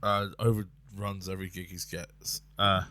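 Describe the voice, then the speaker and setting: A man's voice: low voice, little pitch movement, moderate pace, bright, forceful tone, no room sound. A man hosting a podcast, telling rambling comic stories and laughing through his own jokes. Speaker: podcast host and comedian. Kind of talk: casual podcast chat.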